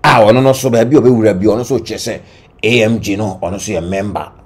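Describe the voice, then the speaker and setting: A man with a Ghanaian accent giving animated entertainment-news commentary, switching between Twi and English. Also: lowish voice, fast talker, breathy edge. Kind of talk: gossip commentary.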